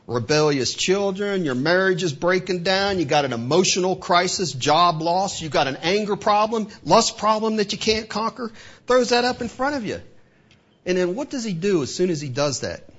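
Male preacher with a husky voice, mid-sermon, firing rhetorical questions, captured on a muffled recording. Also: high-pitched, moderate pace. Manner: rhetorical questions, voices the devil's taunts, lively delivery. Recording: dull lo-fi recording.

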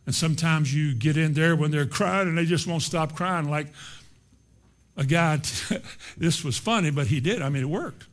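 A middle-aged man preaching a sermon in an emphatic, repetitive, folksy way. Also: on the high side.

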